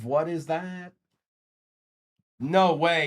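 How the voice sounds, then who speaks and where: A man's voice: medium pitch, moderate pace. Ish guy running a card break stream, voice bounces all over, calls out cards and jokes with chat. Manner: animated, calls out cards while chatting with viewers.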